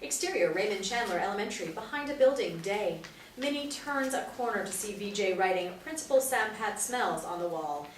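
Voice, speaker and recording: A woman's voice: medium pitch, a little fast, slight background noise. Woman reading stage directions, echoey. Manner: steady, matter-of-fact. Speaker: narrator. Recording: roomy, distant mic.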